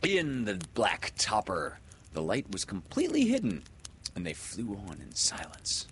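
A man narrating a children's story aloud in an expressive, dramatic way. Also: lowish voice, unhurried, a little hiss or hum. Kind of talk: audiobook storytelling.

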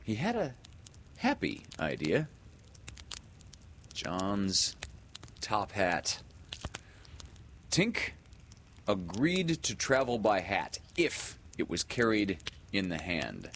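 A man narrating a children's story aloud in an expressive, dramatic way. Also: lowish voice, extremely slow, pauses often, slight background noise. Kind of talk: audiobook storytelling.

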